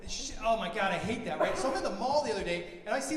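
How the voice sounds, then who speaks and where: A man in his forties performing a stand-up comedy set, telling exasperated stories and shouting his punchlines. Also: high voice, expressive, fast, a crowd in the background. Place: comedy venue with live audience. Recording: echoey venue from a distance, audience noise.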